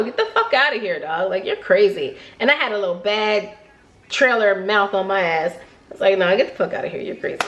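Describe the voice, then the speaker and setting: A young woman speaks in a fairly high voice. She chats casually and bluntly, full of slang and cursing. She retells a personal story on her makeup vlog. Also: fairly bright tone. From New Jersey. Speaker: beauty vlogger.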